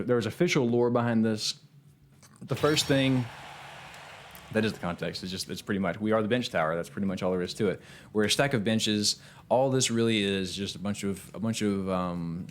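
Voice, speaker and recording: Over a faint hiss or hum, a fairly low male voice delivers casual live-stream commentary on a fighting game. He's excitable and profane, swearing freely as he trash-talks opponents and banters with his viewers.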